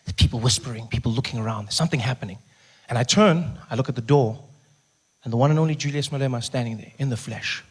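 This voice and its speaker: A male comedian with a South African accent, telling a story on stage in an animated, self-mocking way, acting out his own nervous thoughts. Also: mid-range voice, fast. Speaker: stand-up comedian. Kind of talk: stand-up storytelling. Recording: live show with audience noise.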